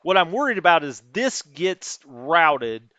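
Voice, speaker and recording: A man's voice: fairly high pitch, very animated, a little slow, pushed and bright, no room sound. A man streaming a strategy wargame, muttering through unit numbers and chatting with his live chat. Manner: thinks aloud, muttering over unit numbers.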